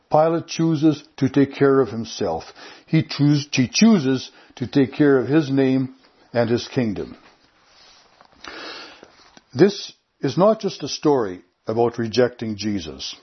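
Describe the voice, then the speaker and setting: Husky guy preaching, earnest, keeps repeating his points, dull lo-fi sound. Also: mid-range voice. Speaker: pastor. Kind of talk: sermon.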